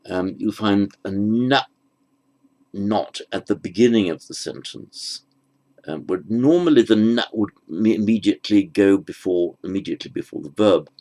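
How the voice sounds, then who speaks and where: A man teaching the meaning of an old verse, patiently explaining each word after reciting it slowly. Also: fairly low pitch, darkish tone, poor audio. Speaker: Pali language teacher. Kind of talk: unhurried lesson on a verse.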